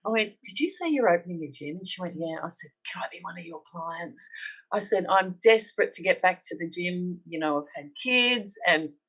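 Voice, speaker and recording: A podcast guest, this middle-aged Australian woman tells her story earnestly at normal speed, acting out quoted exchanges. Her voice runs on the low side, a bit bright with a breathy edge and lively intonation, and the audio is poor.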